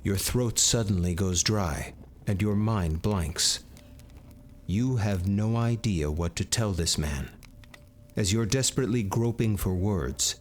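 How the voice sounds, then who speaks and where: A man giving measured second-person scripted narration for a game. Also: low-pitched, slight background noise.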